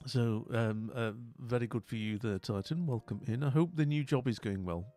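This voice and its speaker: Man, live streamer, rambling, dry sound, soft music behind. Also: mid-range voice, moderate pace, no echo. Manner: rambling, chatty, many fillers and restarts. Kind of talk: casual stream chat.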